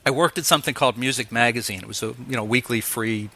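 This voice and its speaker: Bright-voiced male interview host. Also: medium pitch, quick pace. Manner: animated storyteller, acts out quoted voices. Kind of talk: casual interview chat.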